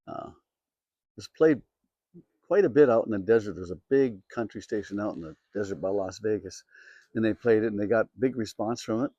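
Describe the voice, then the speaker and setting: A man's voice: lowish voice, darkish tone, no echo, highs cut off. A middle-aged man from Minnesota, a country singer and host, telling a story in a chatty, self-amused way with lots of fillers. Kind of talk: casual storytelling to camera.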